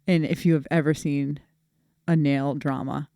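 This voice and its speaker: A woman dog trainer co-hosting a podcast, telling stories in a casual, animated way with frequent laughter. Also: sits low, moderate pace, no room sound, studio quality. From Boston area. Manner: animated storyteller, laughs often. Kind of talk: casual chat.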